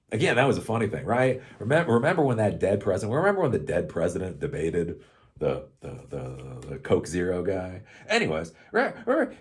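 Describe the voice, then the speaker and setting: Profane, rambling man, lively pitch. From United States. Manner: profane, rambling, sarcastic, repeats "again" and "right?". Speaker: political commentary host. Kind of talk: casual political rant.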